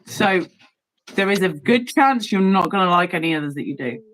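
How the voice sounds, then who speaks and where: Woman, lowish voice, lively, teasing casual chat. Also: moderate pace, rough recording. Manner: teasing, playful, laughs often.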